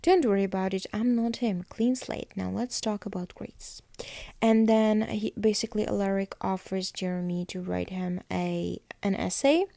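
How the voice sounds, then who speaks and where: Chatty woman with a dark, gravelly voice. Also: mid-range voice, steady tone, normal speed, dry recording. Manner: chatty, filler-heavy retelling with quoted dialogue. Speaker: podcast host. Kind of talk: casual episode recap.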